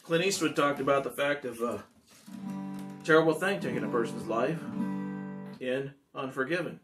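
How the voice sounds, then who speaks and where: A man's voice: mid-range voice, moderate pace, over music. A man, a singer-songwriter, chatting casually and ramblingly to his audience between songs. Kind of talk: casual chat between songs at a home concert.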